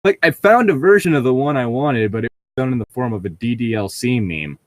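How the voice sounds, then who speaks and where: A man's voice: medium pitch, animated, fairly quick, no room sound. A man chatting loosely and laughing often as he co-hosts a casual podcast, reading a book aloud with friends.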